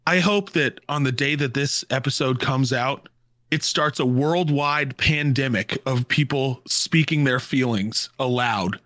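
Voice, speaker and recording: A man's voice: mid-range voice, a little slow, fairly bright tone, dry recording, clean studio sound. A man co-hosting a podcast in casual, jokey chat, swearing freely. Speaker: podcast co-host.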